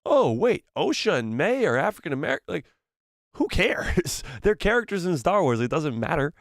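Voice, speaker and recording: A man hosting a live watch-party stream, excitedly reacting and reading viewer messages aloud while he is losing his voice. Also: fairly high pitch, creaky, no room sound, clean studio sound. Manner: excitable, frequent exclamations and quick laughs. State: losing his voice, throat-clearing. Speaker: livestream host.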